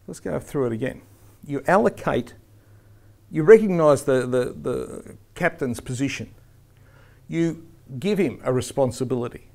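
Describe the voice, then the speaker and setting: A man giving an instructional lecture to referees, speaking emphatically and demonstrating the firm and soft tones a referee should use. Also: medium pitch, normal speed, gravelly.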